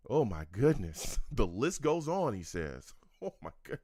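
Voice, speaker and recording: A man's voice: mid-range voice, very animated, a little slow, a little mellow, no echo, studio quality. A man hosting a live-streamed sports talk show, answering the chat and talking animatedly, repeating himself and laughing often.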